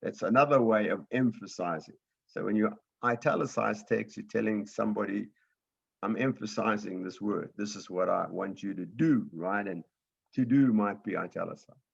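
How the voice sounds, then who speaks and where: A man's voice: lowish voice, moderate pace, gravelly, breathy edge, highs cut off. A man teaching a beginners' computer class, explaining step by step patiently and often checking in with "right?".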